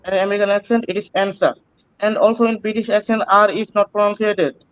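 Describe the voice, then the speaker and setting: A man answering oral exam questions, halting and hesitant with many pauses and restarts. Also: high-pitched, little pitch movement, a bit bright, clear, resonant tone, dry recording, rough recording. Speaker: student taking an oral exam.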